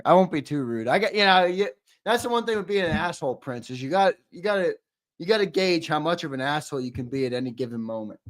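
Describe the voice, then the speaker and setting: A man hosting a livestream, teasing and swearing in loud, casual banter with his viewers. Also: on the high side. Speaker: host.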